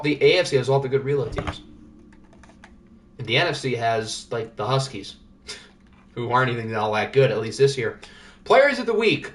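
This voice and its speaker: Running a live stream on a simulated football league, this man speaks at a medium pitch with a touch of brightness. His casual commentary is full of jokes and chatter as he reasons aloud over the results.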